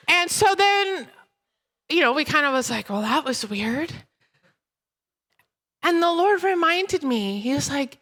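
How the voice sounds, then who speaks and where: A woman in her thirties preaching a sermon and telling a personal story in an animated way. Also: high-pitched, normal speed. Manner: animated storytelling, breaks into laughter.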